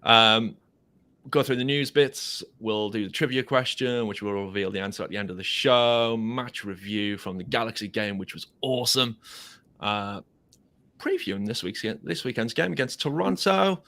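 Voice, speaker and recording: A man's voice: medium pitch, normal speed, pushed and bright. An English man hosting a casual podcast, chatty and self-deprecating, rambling a little as he talks. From England. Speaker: podcast host. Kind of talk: casual chat. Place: home studio in a converted garage.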